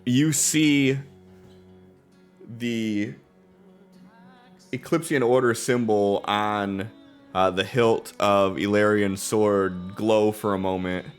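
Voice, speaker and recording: A man's voice: lowish voice, steady tone, slow, pauses often, clear, resonant tone, faint music behind. A man narrating a tabletop game as game master, telling the scene in a laid-back way with plenty of ums and uhs. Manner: laid-back, filler-heavy storytelling.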